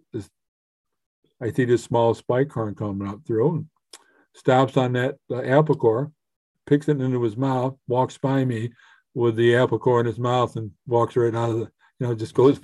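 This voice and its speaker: Older male guest, mid-pitched dry voice, rambling anecdotes. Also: steady tone, normal speed, a little mellow, dry recording. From upstate New York. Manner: rambling, frequent fillers and restarts. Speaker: podcast guest. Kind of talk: casual storytelling.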